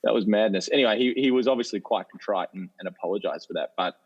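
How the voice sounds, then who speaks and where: An Australian man, a politician guest on a casual podcast, speaking in a measured way with frequent restarts and fillers. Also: fairly low pitch, slightly rough. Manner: measured, hesitant with many restarts. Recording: dull lo-fi phone line.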